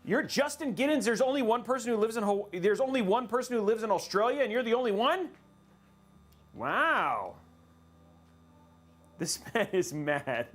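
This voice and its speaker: A man's voice: high voice, expressive, moderate pace, long pauses, a bit bright. A man hosting a casual livestream, chatting with viewers and laughing often while he builds a computer.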